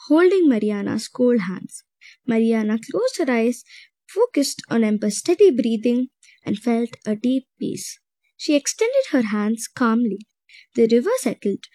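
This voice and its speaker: A woman narrating a children's storybook in an expressive storytelling manner. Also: on the high side, dry recording.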